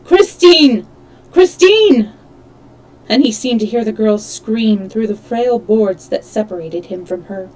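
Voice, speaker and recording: A woman reading a classic novel aloud on a livestream, expressive, now and then stumbling and correcting herself. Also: mid-range voice, normal speed, few pauses, slight background noise, low-quality recording. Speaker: storyteller.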